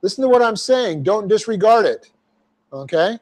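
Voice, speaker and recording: A man teaches a verse-by-verse Bible class, walking through Greek grammar step by step, adding folksy asides and repeating phrases for emphasis. His high, slightly mellow voice has lively intonation and a moderate pace.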